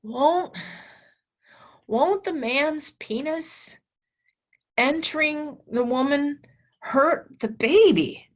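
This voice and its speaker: A woman's voice: high voice, extremely slow, pauses often, pitched above the performer's own voice. A woman voicing a puzzled teenage boy student who keeps pressing his question. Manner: insistent, questioning.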